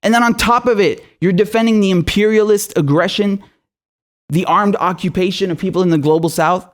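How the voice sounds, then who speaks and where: A man's voice: high-pitched, brisk. A man, a political commentator from Syria, delivering a furious, profane, sarcastic political rant.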